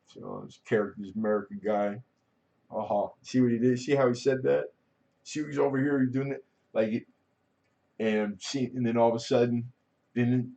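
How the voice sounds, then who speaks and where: A man's voice: mid-range voice, unhurried, vocal fry, long pauses, mellow, dull audio. A middle-aged man hosting a livestream, talking candidly and casually, rambling and swearing freely. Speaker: livestream host.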